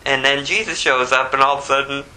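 Man, pastor, Bible sermon, animated, very bright sharp voice, faint background noise. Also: mid-range voice, quick pace, low-quality recording. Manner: animated, swings from hushed to loud emphatic bursts; reads scripture aloud in King James wording.

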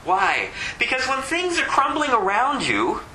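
Male preacher, high and very bright tone, emphatic, repeats rhetorical questions to press each point. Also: wildly swooping pitch, measured pace, roomy sound, slight background noise, low-quality recording. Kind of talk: sermon.

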